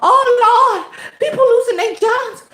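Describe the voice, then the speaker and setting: A woman's voice: measured pace, bright, forceful tone, heavily acted. A woman putting on the voice of a melodramatic grown woman who wails and half-sobs as she begs for prayers. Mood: wailing. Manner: shrill, wailing, half-sobbing. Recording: echoey room.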